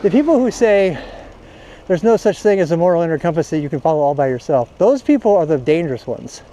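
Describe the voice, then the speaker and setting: A man's voice: a little high, expressive, fast talker, mellow. A man vlogging while cycling outdoors, ranting bluntly and profanely in a casual monologue.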